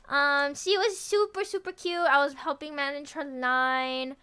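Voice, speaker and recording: A young adult woman streaming as a VTuber, chatting casually in a rambling, excitable way full of fillers and restarts. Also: high-pitched, a little slow, few pauses, soft background music. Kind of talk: casual livestream chat.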